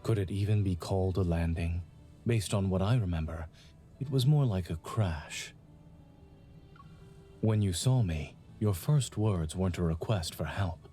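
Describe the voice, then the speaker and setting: A calm, teasing retired general. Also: male voice, deep voice, unhurried, soft background music. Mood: dryly amused. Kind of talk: game character voice acting.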